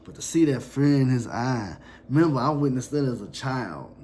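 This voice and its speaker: A man telling a personal story in a somber, reflective, halting way. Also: medium pitch, lively intonation, darkish tone, slight background noise.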